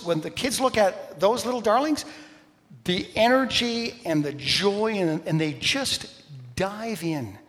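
A man with a slightly raised voice preaches in a church, his words ringing with the long reverb of a large hall. He talks with energy and emphasis, tossing in quick asides. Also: sits high, fairly bright tone. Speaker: pastor. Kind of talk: sermon. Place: church sanctuary.

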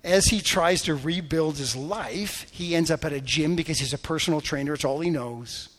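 A man's voice: on the high side, normal speed. Earnest man preaching in an echoey church. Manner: storytelling, earnest, drops to soft intensity and rises in fervent prayer. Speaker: pastor. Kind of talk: sermon. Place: church sanctuary before a congregation.

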